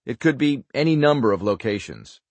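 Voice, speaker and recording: A man narrating a thriller audiobook in an even, subdued voice. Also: medium pitch, brisk, no echo.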